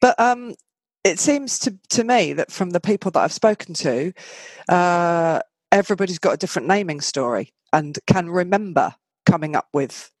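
A woman's voice: fairly low pitch, lively intonation, normal speed, a little mellow, no echo. A woman hosting a podcast in casual chat, talking easily with trailing asides. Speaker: podcast host.

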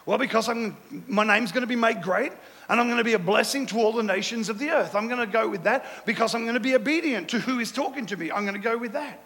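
A man's voice: extremely high pitch, fast talker, pushed and bright. A male pastor preaching a sermon, with repetitive, emphatic phrasing and call-and-response with the congregation. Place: church hall. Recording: echoey church hall with long reverb.

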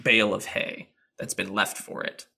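A man's voice: on the low side, flat delivery, moderate pace, vocal fry, pushed and bright. A man narrating as game master in a tabletop game, describing scenes with hesitant fillers.

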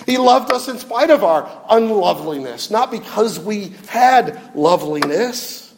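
A man's voice: sits high, lively intonation, a little slow, long reverb tail, slight background noise. A male pastor preaching a sermon emphatically, often repeating his questions and building to fervor.

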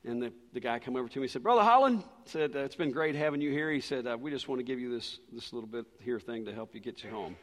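A man's voice: mid-range voice, quick pace, few pauses. Preacher man in a reverberant church. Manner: animated storytelling, rising to loud bursts and dropping to quiet asides. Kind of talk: sermon with personal story. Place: church sanctuary. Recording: long reverb of a large church.

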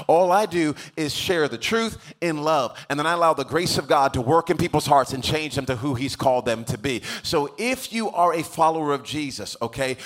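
A man's voice: on the high side, fairly bright tone. A man preaching a sermon as pastor, telling stories casually and building to emphatic preaching.

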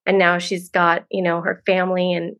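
A middle-aged woman guest on a podcast, talking casually and warmly, gushing and laughing often. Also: on the low side, flat delivery, moderate pace.

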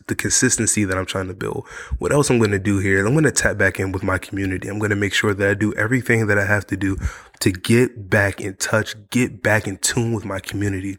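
A podcast host, sick and worn out, delivers a casual monologue to camera, talking earnestly and repetitively. His voice is fairly low with a fairly bright tone, captured on a studio mic.

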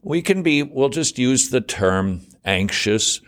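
A middle-aged man talks through his ideas as the guest of an interview, his pitch rising and falling widely. Now and then he leaps into high, fretful voices to mock a worried mind. His voice sits in an ordinary middle register. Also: takes it slowly. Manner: animated, acts out worried voices with sudden high pitch jumps. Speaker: guest author. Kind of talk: conversational interview, teaching.

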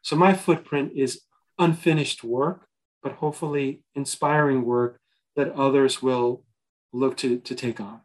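A man's voice: medium pitch, fairly even intonation, measured pace, rough recording. Earnest motivational man, podcast guest. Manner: earnest, motivational, many fillers and restarts. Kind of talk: interview conversation.

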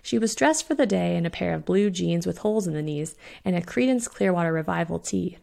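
A woman reading her own short story aloud in a steady, expressive storytelling voice. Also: fairly low pitch, fairly quick, vocal fry. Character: witch Fiona voiced in own voice.

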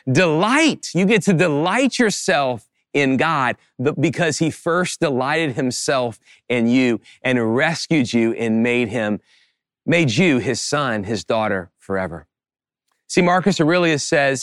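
A man's voice: mid-range voice, expressive, unhurried, no echo. Man preaching a sermon, dry sound. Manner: preaching with rising emphatic passages and quiet asides. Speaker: pastor.

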